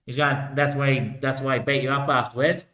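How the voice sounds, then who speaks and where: Medium in pitch with fairly even intonation, this man speaks briskly in a sharp tone, in a reverberant space. As a vlogger talking solo, he drifts and repeats himself, leans on "mate" and "bloody hell," and laughs often.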